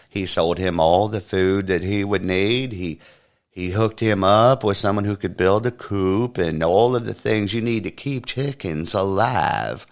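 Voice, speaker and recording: A man hosting a podcast, telling a long joke in a folksy, drawn-out storytelling way. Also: sits low. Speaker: podcast host.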